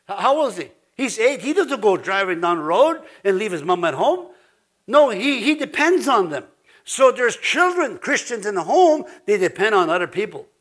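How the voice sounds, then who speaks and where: A man's voice: high voice, fairly bright tone. A man preaching an informal sermon as pastor, chatty and laughing, with frequent restarts and repeated words.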